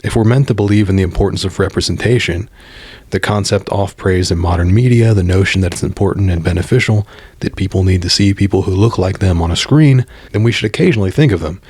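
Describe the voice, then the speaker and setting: A man's voice: low voice, quick pace, a little mellow, husky, no echo. An American man delivering a scripted commentary monologue in a blunt, opinionated way, swearing freely. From United States.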